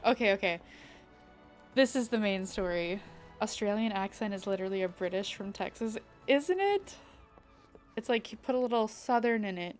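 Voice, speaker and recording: A woman's voice: mid-range voice, lively intonation, normal speed, soft background music. A young woman chatting casually while streaming a game, thinking aloud and greeting viewers. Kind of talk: casual live-stream chat.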